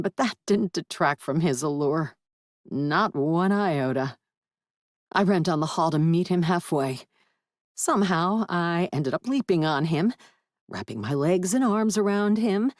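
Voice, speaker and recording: A woman narrating a first-person urban fantasy audiobook with wry, lively storytelling. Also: lowish voice, no room sound, clean studio sound.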